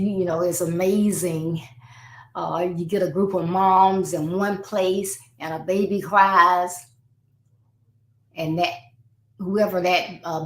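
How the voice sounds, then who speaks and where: A woman life coach hosting a live parenting advice talk, speaking conversationally and acting out exchanges between parents and children. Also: lowish voice. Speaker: life coach and show host. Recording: roomy echo.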